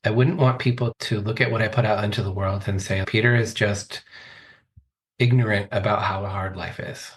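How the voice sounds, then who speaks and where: A man's voice: on the low side, steady tone, normal speed. A man in his forties, a coach, telling his life story as a podcast guest in a thoughtful, earnest way. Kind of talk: reflective interview talk.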